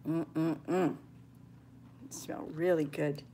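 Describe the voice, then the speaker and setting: A woman's voice: low voice, level tone, drawn-out words, vocal fry, dark tone, a little hiss or hum. An older woman chatting homily to her viewers while she cooks in her kitchen, at times dropping to a near whisper. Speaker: homestead cooking vlogger. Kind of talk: casual live-stream cooking chat. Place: home kitchen.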